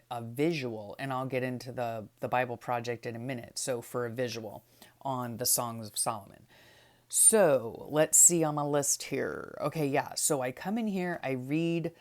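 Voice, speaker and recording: A woman's voice: extremely low pitch, darkish tone. A middle-aged woman casually walking through her Bible study process, chatty with many fillers and tag questions. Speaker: vlogger.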